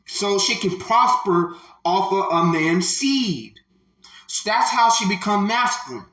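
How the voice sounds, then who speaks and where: A man giving slow, emphatic, preachy commentary on a clip, repeating his phrases. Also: high voice, expressive, fairly bright tone, reverberant, low-quality recording.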